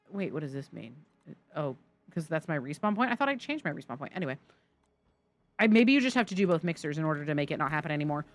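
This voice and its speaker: This game streamer has a mid-range voice with no echo. She chats and jokes with viewers as she plays live, addressing her chat directly.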